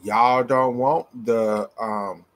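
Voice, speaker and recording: A man's voice: mid-range voice, steady tone, drawn-out words. Heated, profane young man. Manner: heated, blunt, profane and repetitive. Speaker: gymnastics commentator. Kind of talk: ranting commentary vlog.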